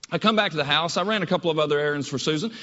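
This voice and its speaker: Man, storytelling speech, emphatic, high voice, echoey hall, dull sound. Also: rapid-fire, sharp tone. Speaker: speaker giving a presentation.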